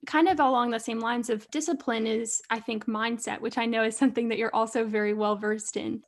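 A woman hosting an interview, responding thoughtfully and asking measured questions. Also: on the high side, vocal fry. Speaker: podcast host.

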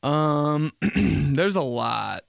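A man's voice: on the high side, lively intonation, drawn-out words, creaky, no echo, studio quality. A young man hosting a podcast, ranting comically in a profane, exasperated way. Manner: profane, exasperated, jumps into acted voices. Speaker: podcast host. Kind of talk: comedic rant.

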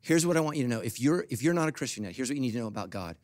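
A middle-aged man preaching a sermon as pastor, swinging from quiet, confiding asides to loud, high-pitched bursts. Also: expressive, racing, no echo.

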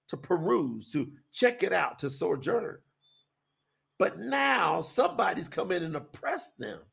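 Man, scripture teaching, husky voice, emphatic, repeats phrases. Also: high voice, fairly bright tone. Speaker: podcast preacher.

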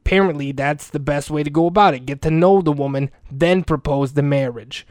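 A man plays a crude, lovesick older school janitor who rambles on with earnest profanity in a comic monologue. The voice sits a little high and sounds smooth and resonant. It is recorded close and dry. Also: fairly quick, darkish tone, dry recording, natural voice. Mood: lovesick rambling. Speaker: comedic character monologue.

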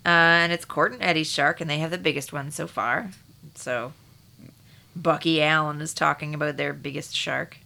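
Low, gravelly-voiced woman co-host. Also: steady tone, bright, forceful tone. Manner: dry, chiming in with quick asides. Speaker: podcast co-host. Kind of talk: casual recap chat.

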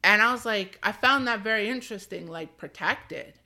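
A woman in her thirties hosts her own podcast, speaking candidly and loosely and laughing often. Her voice is bright and forward at a middle pitch. Her talk wanders as she thinks aloud. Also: fairly quick. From Canada. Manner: candid, rambling, laughs often, says "like" a lot. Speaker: podcast host. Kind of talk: casual solo podcast talk.

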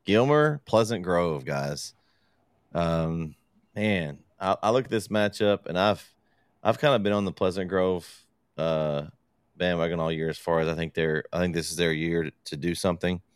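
A man co-hosting a casual sports chat, relaxed and hesitant, with many fillers. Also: sits low, moderate pace, smooth, no echo, clean studio sound. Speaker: podcast co-host.

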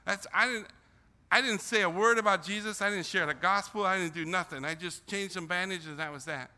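A man's voice: high-pitched, brisk, bright, forceful tone. Older man with an emotional, repetitive storytelling style. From Philippines. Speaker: missionary speaker. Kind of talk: testimony talk to students. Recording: long hall reverb.

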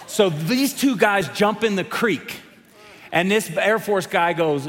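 A man preaching a sermon to his congregation, telling stories with lively quoted voices before reading scripture. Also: sits high, slow pace. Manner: lively, animated storytelling with quoted characters. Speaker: pastor. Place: large church sanctuary. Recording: long hall reverb.

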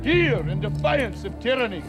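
An actor playing a defiant Scottish rebel leader rallying an army with a commanding film speech over orchestral music. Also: male voice, very high voice, expressive, normal speed. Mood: rousing. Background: film score, horses.

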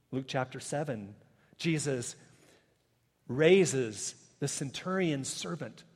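A man preaching a sermon as a pastor, swinging between loud emphatic peaks and hushed, quiet passages. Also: fairly high pitch, long reverb tail. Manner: dynamic preaching, swelling loud then dropping soft.

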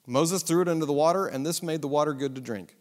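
A man's voice: fairly high pitch, fast talker. Man, Bible survey lesson, rhetorical questions, asides, echoey hall. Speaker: Bible teacher.

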